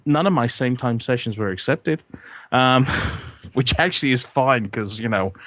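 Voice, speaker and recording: A man's voice: on the low side, fairly bright tone, no echo. A man chatting casually as a guest, rambling with restarts and jokes. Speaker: guest consultant. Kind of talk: casual podcast chat.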